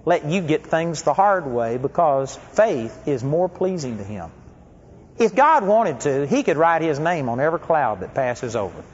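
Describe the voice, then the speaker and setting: Man, preacher, high voice, conversational sermon, questions the congregation, dull lo-fi recording. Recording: echoey hall, dull lo-fi sound.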